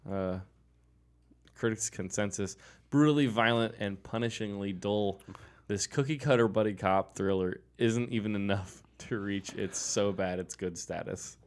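A man's voice: on the low side, unhurried. A man co-hosting a podcast in casual chat, reading out film details and stumbling over names.

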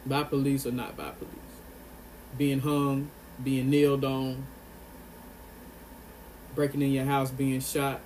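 A man's voice: mid-range voice, monotone, slow pace, long pauses, darkish tone, a little hiss or hum. Earnest man delivering an impassioned monologue. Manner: earnest and emphatic, repeats phrases for stress. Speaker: vlogger.

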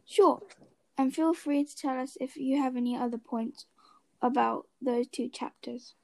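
A woman's voice: high-pitched, measured pace, vocal fry. A woman co-hosting a podcast, recapping a story in a chatty way. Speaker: podcast co-host.

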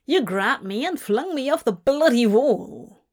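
A woman's voice: fairly high pitch, animated, unhurried, voice pushed up. A woman voicing a sullen, contrary male demon who grumbles curtly. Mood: snarling.

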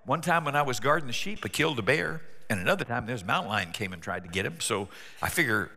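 A man's voice: medium pitch, animated, fast, gravelly, sharp tone, pitched below the performer's own voice, heavily acted. A man voicing an earnest young shepherd boy who tells of past fights. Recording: long hall reverb.

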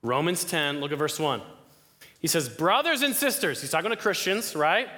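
A young man preaching a sermon to a campus crowd, lively, often asking the listeners questions. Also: a little high, normal speed. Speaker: campus ministry speaker. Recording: long hall reverb.

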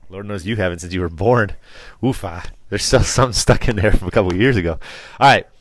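Deep-voiced rambling middle-aged man. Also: fast talker, a little hiss or hum. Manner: rambling, teasing, restarts a lot. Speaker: podcast host. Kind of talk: casual chat.

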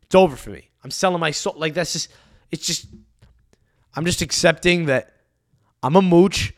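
A young man hosting a solo podcast, ranting in a profane, animated way into a close mic. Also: on the high side, moderate pace, no room sound. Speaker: podcast host.

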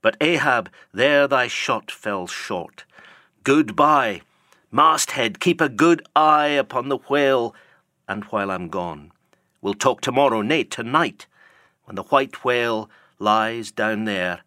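Male reader doing an old, obsessed sea captain: declaiming, archaic, slow and weighty. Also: lowish voice, pushed and bright, no echo, clean studio sound. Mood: brooding. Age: older. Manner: declaiming, solemn archaic speech. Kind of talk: audiobook character reading.

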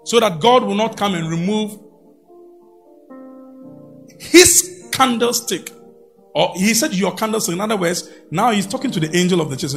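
Man, preacher, sermon, gravelly, animated delivery, faint music behind. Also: normal speed, pauses often. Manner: animated, shifts from loud exclamations to low murmurs. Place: church.

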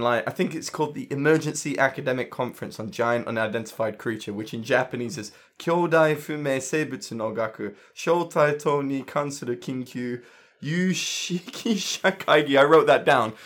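A man's voice: medium pitch, normal speed. A man casually chatting about a film as a podcast co-host, swearing and acting out quotes. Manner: animated, swearing, acts out quotes. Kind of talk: casual film review chat.

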